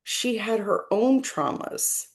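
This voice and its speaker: Slow, earnest woman medium. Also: mid-range voice, lively intonation. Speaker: spiritual medium. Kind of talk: reflective monologue.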